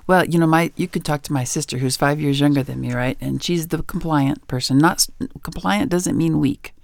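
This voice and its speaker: A woman's voice: low-pitched, a little fast, vocal fry, no room sound, studio quality. A middle-aged woman, an author and educator, giving parenting advice in a radio interview and acting out bits of dialogue as she tells stories. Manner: animated storyteller who acts out dialogue.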